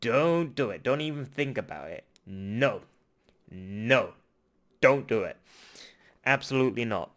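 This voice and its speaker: A man's voice: medium pitch, measured pace, long pauses. A man hosting a reaction video, ranting heatedly with a lot of repetition. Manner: heated, repetitive ranting, then apologetic and calm. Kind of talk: casual reaction rant.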